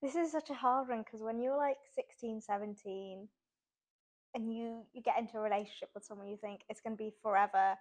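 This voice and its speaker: A woman's voice: a little high, brisk, a little mellow. A young adult woman, an author, chatting casually in an interview and laughing often. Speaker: author guest.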